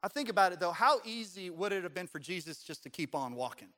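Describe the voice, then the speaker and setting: A man's voice: high-pitched, animated, fast, pushed and bright. A man preaching a sermon in a church, conversational and joking with the congregation. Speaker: pastor. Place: church sanctuary.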